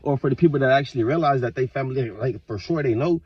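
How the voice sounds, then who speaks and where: Husky-voiced man ranting on a vlog. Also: medium pitch, fast talker, no room sound, dull audio. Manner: profane, rambling rant with sudden loud bursts. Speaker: vlogger. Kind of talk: casual monologue to camera.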